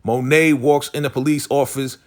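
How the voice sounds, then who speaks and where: A man giving a casual recap of a TV episode, animated and slangy, full of "you know" and "like". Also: medium pitch, moderate pace. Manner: animated, slangy storytelling, acts out quoted lines; frequent "you know" and "like" fillers.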